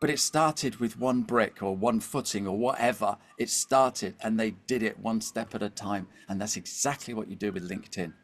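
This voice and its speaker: A middle-aged man on a podcast tells an animated story in a fairly low voice, at a moderate pace with hardly any pauses. He checks in with his listener often, using "okay?" and "all right?"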